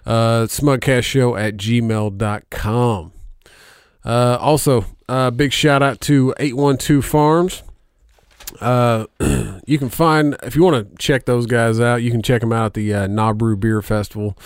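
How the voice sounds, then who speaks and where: A man hosting a podcast in casual, profane chat, laughing often and filling pauses with "uh". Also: mid-range voice, fairly even intonation, clean tone, no room sound, studio quality. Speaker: podcast host.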